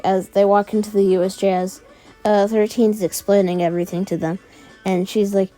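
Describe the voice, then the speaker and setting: A woman's voice: medium pitch, steady tone, unhurried, mellow, soft background music. A woman casually retelling a fan story, rambling with lots of "uh" and "like". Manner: rambling, full of "uh" and "like".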